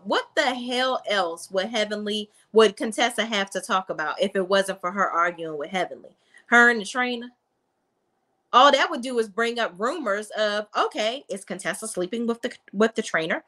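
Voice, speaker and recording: A woman's voice: mid-range voice, lively intonation, moderate pace, sharp tone. A woman reviewing a reality TV episode in a blunt, sassy, casual recap style, talking straight to her viewers.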